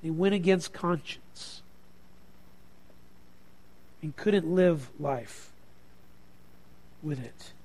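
High-voiced man preaching a sermon. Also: very slow, pauses often. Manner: animated preaching, swinging from quiet to emphatic. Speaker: pastor.

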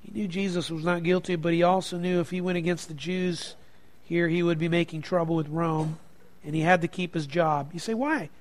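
A man preaching a sermon to a congregation, moving from quiet reflection to loud, emphatic passages. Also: fairly high pitch, steady tone, a little fast. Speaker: pastor.

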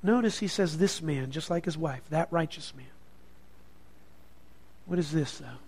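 High-voiced man preaching a sermon. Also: unhurried, husky. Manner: animated preaching, swinging from quiet to emphatic. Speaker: pastor.

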